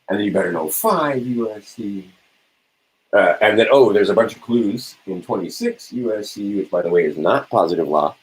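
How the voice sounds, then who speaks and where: A man's voice: on the low side, expressive, fairly quick, a little hiss or hum, poor audio. A man giving an informal lecture, asking and answering his own questions and checking in with "right?" as he goes. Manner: rhetorical, keeps checking in with "right?". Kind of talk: informal lecture to a small audience.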